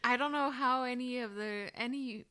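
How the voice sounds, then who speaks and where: A woman's voice: on the high side, normal speed, sharp tone. A woman co-hosting a casual movie podcast, adding thoughtful, hedging remarks about film history. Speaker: podcast co-host. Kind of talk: casual movie review chat.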